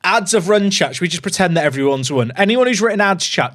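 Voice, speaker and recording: A man chatting casually on a gaming livestream, excitable and rambling. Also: high voice, brisk, few pauses.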